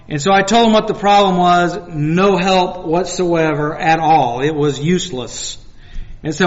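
A man's voice: fairly high pitch, steady tone, moderate pace, big-room sound, muffled recording. A man preaching a sermon in a conversational way, telling personal stories and acting out little dialogues. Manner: conversational, with repeated restarts and acted-out dialogue.

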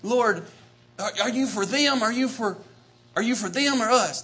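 Impassioned preacher man, high voice. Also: normal speed. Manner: impassioned, rising to shouts, repeating phrases. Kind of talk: sermon.

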